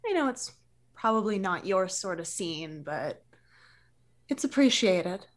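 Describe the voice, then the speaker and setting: A woman's voice: medium pitch, expressive, a little slow. A woman playing her character in a tabletop role-play, playful and teasing. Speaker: player.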